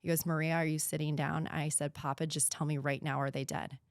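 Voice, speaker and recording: A woman in her thirties from the United States, a podcast guest telling a painful personal story in an earnest voice that sometimes drops to a hushed whisper. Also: deep voice, little pitch movement, fairly quick, no echo, clean studio sound.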